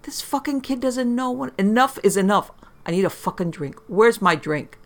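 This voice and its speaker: A narrator playing a drunk frantic woman, raised pitch, frantic muttering, gravelly. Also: unhurried. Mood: irritable. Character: drunk, panicky middle-aged woman.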